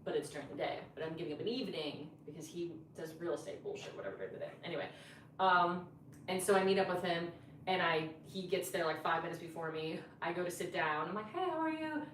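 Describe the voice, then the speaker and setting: A woman's voice: fairly low pitch, quick pace, distant mic, slight background noise. A woman comedian telling a story in a casual podcast chat, chatty and full of fillers. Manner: chatty, animated retelling with lots of fillers. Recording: echoey room, voice from off mic.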